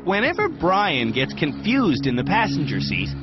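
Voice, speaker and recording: A man narrates a reality show with dry, wry humor. His voice sits fairly high and moves a lot in pitch. The audio is dull and lo-fi, with loud music beneath. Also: huge pitch swings, normal speed. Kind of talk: scripted TV narration.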